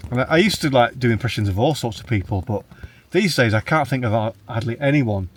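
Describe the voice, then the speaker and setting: A man's voice: mid-range voice, expressive, fast talker, far from the mic. A man chatting casually with a friend outdoors at a camp, joking and laughing often. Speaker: wild camper chatting with a friend. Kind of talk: casual chat. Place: outdoors at a wild camp on moorland. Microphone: small handheld camera.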